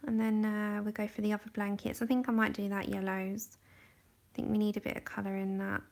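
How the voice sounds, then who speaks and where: Brisk and flat in delivery, a mid-range voice belongs to a young livestream host. She chats and giggles while colouring, facing a camera set just in front of her face.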